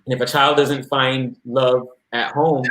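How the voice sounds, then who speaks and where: A man's voice: mid-range voice, level tone, unhurried, a bit bright. A man talking casually about working with kids and parents, telling anecdotes and acting out what people said. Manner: anecdotal, acts out quoted voices. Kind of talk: casual discussion. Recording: roomy echo.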